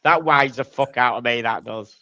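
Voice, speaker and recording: Man, co-host, swearing, exclamatory, very sharp voice, dry. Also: mid-range voice, moderate pace, dry recording, dull audio.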